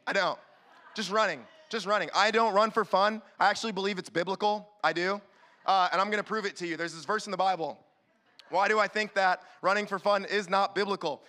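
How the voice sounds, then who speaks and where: A man preaching a sermon as youth pastor, animated and acting out quick little voices to the room. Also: high voice. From California.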